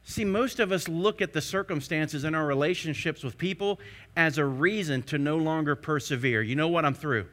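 A man preaching a sermon. He keeps asking the congregation rhetorical questions, building to emphatic peaks before dropping low again. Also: normal speed, fairly bright tone.

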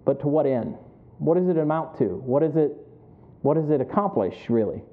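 A man's voice: fairly high pitch, expressive, normal speed. A man preaching an earnest, conversational sermon to his congregation, asking rhetorical questions. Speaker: pastor. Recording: tinny phone-like sound.

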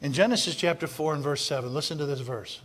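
Male pastor, fairly high forceful voice, emphatic repeating delivery, big hall reverb. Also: quick pace. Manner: preaching with emphatic repetition, swinging from loud shouts to low intensity. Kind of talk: sermon.

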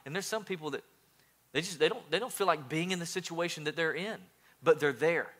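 A man preaching a sermon as pastor, animated, often repeating words and swinging between loud and soft. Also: a little high, a little fast.

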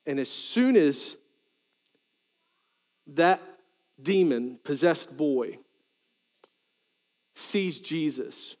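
A male pastor preaching a sermon, animated, with joking asides and sudden loud quoted lines. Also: a little high, extremely slow, pauses often, long reverb tail.

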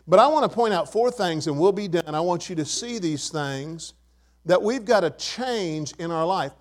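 A man's voice: high voice, expressive, normal speed. An older man preaching a sermon to his church, emphatic and repeating key words. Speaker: pastor.

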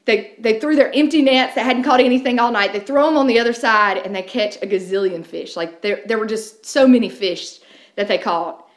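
Woman pastor, sermon, slightly high voice, echoey room. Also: a little fast. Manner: conversational storytelling with frequent restarts. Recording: roomy echo.

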